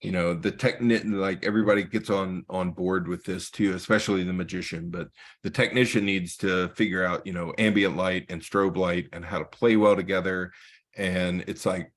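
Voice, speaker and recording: Photographer guest speaker, male, lowish voice, chatty storyteller who acts out quotes. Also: steady tone, moderate pace. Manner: storytelling with acted-out dialogue. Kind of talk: casual presentation.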